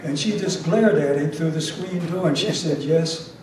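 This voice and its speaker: An older man with a fairly high voice tells stories at an award luncheon, acting out each exchange. He pauses on frequent "uh" fillers. His voice comes from far off in a very echoey banquet hall with faint room noise. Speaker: award recipient giving a speech. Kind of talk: anecdotal after-lunch speech.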